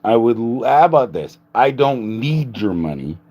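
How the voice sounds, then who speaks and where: A man's voice: medium pitch, very animated, moderate pace, dark tone, highs cut off. A man hosting a livestream, rambling in a joking, casual way, laughing often and swearing. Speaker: livestream host. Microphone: phone.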